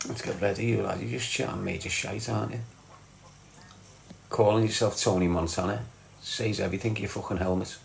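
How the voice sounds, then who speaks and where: A man's voice: on the low side, steady tone, fairly quick, vocal fry, reverberant, a little hiss or hum. Scouse fella chatting to his viewers live, blunt, swears a lot. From Liverpool, England. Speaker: live stream host reading chat. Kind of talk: casual live chat.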